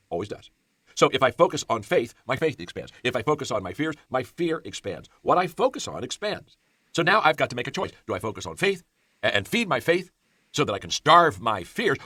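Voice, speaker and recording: Fast, emphatic motivational speaker man. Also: mid-range voice, sharp tone, dry recording. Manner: emphatic, repeats key phrases, stumbles with "I, I". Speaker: leadership speaker. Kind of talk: motivational talk.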